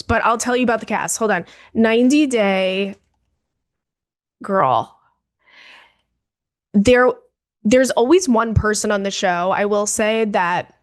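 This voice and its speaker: A young woman co-hosting a podcast, telling an embarrassing story in casual, gossipy chat and acting out the people in it. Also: medium pitch. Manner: gossipy, animated storytelling with quoted voices. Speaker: podcast co-host.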